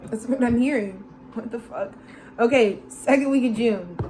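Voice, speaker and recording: A woman's voice: on the high side, normal speed, dark tone, a little hiss or hum. A woman giving a casual, channeled tarot reading, slangy and loose, calling listeners bro and laughing often. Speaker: tarot reader.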